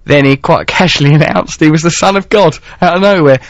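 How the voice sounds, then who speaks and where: A man's voice: fairly high pitch, brisk, dry recording. A man in his thirties hosting a radio show in a studio, chatting in a playful, rambling, theatrical way. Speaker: radio host. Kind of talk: casual radio chat. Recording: dry, slightly dull radio broadcast.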